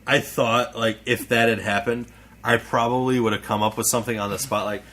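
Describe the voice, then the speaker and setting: A young man co-hosting a casual podcast, telling a story in a halting, rambling way. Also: mid-range voice, steady tone, a bit bright, a little hiss or hum. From United States. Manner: rambling, halting, restarts a lot. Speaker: podcast co-host. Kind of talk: casual chat.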